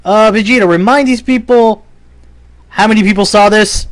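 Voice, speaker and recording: Showy, high-voiced male commentator. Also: moderate pace, no echo. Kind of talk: video commentary.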